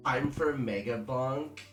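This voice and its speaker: A woman streaming a game, chatting casually and giggling with her chat. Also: rumbling low. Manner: giggly, animated, talks to chat.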